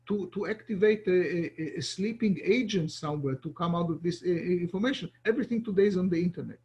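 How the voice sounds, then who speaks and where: A man's voice: high voice, darkish tone. A middle-aged man, giving an online lecture as an ambassador, talking with many restarts and repeated words.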